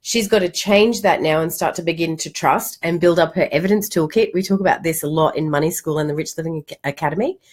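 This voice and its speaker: Lively middle-aged woman, a money coach. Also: sits low, fast talker, hardly any pauses. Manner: animated storytelling, acts out quotes, casual swearing. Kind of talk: casual livestream talk.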